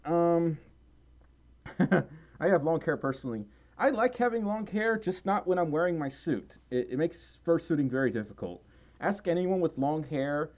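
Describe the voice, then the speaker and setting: Lively, giggly streamer in a fursuit. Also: medium pitch. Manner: rambling and giggly, reads viewer messages aloud. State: tired and a little out of breath. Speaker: livestream host reading chat and donations. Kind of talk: casual livestream chat. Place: at home at a desk with microphone and keyboard. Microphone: desk microphone close by.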